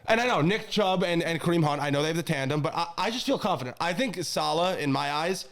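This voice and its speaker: Man, young adult, excitable, ranting, sports chat, slightly high pitch. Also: quick pace, vocal fry. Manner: excitable, ranting, gets worked up. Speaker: co-host.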